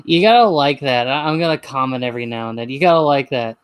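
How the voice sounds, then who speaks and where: A man's voice: medium pitch, quick pace, clean tone, no echo. A man giving chatty, rambling casual commentary over a video.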